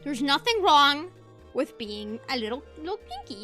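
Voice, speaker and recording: A woman's voice: high voice, big pitch swings, normal speed, over music. A young woman streaming as a VTuber, ranting passionately in casual commentary and laughing easily.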